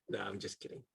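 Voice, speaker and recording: A man's voice: bright, forceful tone, no echo. A man with a Chilean Spanish accent teaching an English lesson on a video call, casual and chatty, with many ums and uhs. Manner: casual, chatty, laughs often, fills with um and uh. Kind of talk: online class.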